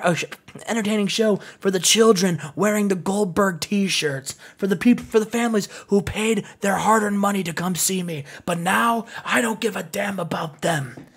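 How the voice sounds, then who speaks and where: A man voicing a brash, menacing male wrestler who boasts and threatens his rival in loud trash talk. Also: a little high, vocal fry, husky.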